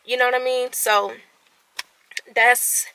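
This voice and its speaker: Anxious, animated young woman venting. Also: fairly high pitch, slow pace, no echo. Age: 20s. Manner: animated, self-talking, swings between quiet and loud; stutters and restarts when anxious. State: anxious and nervous. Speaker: vlogger. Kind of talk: candid venting to camera.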